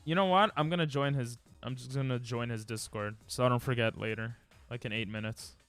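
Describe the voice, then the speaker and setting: A man streaming live, chatting casually and playfully with his viewers, with sudden loud bursts. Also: mid-range voice, a little fast, soft background music. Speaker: livestreamer.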